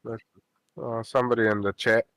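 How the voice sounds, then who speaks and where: A man's voice: medium pitch, fairly quick, no room sound, rough recording. A man playing alongside a streamer, chatting casually and relaying what others are saying. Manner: relaxed, relays chat messages. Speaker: fellow player on stream. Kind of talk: casual gaming chat.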